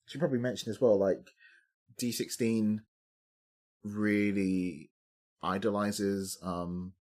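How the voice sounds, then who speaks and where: A man's voice: on the low side, steady tone, slow, a little mellow. A man co-hosting a podcast, sharing film opinions in casual chat, hesitant and full of um and like. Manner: hesitant, fills with um and like. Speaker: podcast co-host.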